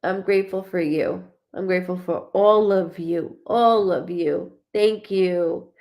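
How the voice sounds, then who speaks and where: A woman giving a live psychic reading, chatty and animated, often restarting her sentences as she relays messages. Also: fairly low pitch, unhurried, highs cut off. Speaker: psychic medium.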